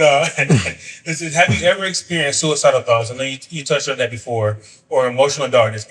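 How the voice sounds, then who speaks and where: A man's voice: mid-range voice, a bit bright, far from the mic, rough recording. A man hosting a podcast and talking loosely with lots of fillers as he moves between questions. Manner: loose, rambling, uses many fillers. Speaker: podcast host. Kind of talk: casual interview.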